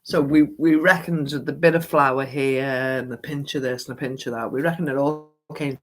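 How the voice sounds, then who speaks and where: A woman's voice: extremely low pitch, fairly even intonation, normal speed. A woman with an English accent hosting a casual livestream, chatting and asking viewers questions. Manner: chatty, asks viewers questions, calls them love. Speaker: livestream host. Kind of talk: casual chat reading viewer comments.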